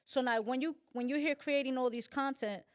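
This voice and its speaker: A woman hosting a relaxed podcast conversation, her voice pitched quite high. She talks loosely and fills the gaps with quick affirmations. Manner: conversational, with many affirming interjections. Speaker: podcast host. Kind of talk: casual podcast interview.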